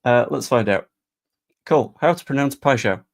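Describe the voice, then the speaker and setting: A man's voice: medium pitch, animated, normal speed, gravelly. A man talking casually about football transfers, chatty and sarcastic. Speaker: football fan vlogger. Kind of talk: casual live-stream chat.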